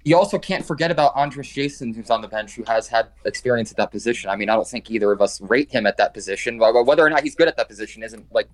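A man's voice: mid-range voice, quick pace, hardly any pauses. A man co-hosting a football podcast, talking casually and hedging with lots of "like" and "I mean". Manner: hedging, many repeated "like" and "I mean". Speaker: podcast co-host.

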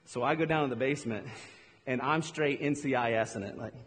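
A middle-aged man preaching a lively sermon, laughing often and acting out his stories. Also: medium pitch, fairly quick, slight background noise. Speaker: pastor. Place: church hall. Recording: live in a big echoey hall.

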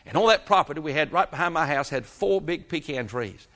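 A man's voice: a little high, animated, a little fast, pushed and bright. A male pastor, preaching a sermon in a folksy storytelling way with frequent amens. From South Georgia, US.

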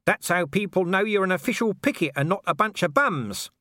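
A man's voice: high voice, animated, brisk, pushed and bright, no room sound, studio quality, pitched above the performer's own voice. A man voicing a scruffy, cheeky watchman who talks in a cocky, matter-of-fact way.

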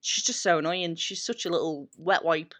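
An English woman co-hosts a relaxed podcast chat with a somewhat low voice. She talks in an animated way. She jokes often at her own expense. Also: moderate pace. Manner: joking, self-mocking, animated. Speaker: podcast co-host. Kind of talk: casual chat.

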